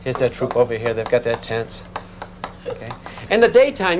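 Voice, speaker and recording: Animated man teaching a physics class. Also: medium pitch, normal speed, slight background noise. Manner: lively, conversational, checks in with students. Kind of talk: classroom lecture.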